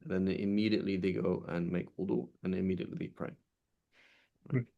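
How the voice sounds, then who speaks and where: A man teaching a classical legal text in a conversational way, reading passages aloud quickly and then explaining them with many restarts. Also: deep voice, little pitch movement, gravelly, dull audio.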